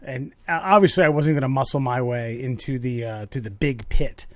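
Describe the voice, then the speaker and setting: A man's voice: medium pitch, moderate pace, dry recording, studio quality. A man in his late thirties co-hosting a podcast, telling a rambling story, swearing freely and mimicking voices. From Baltimore area, USA. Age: 30s. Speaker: podcast co-host. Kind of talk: casual podcast banter.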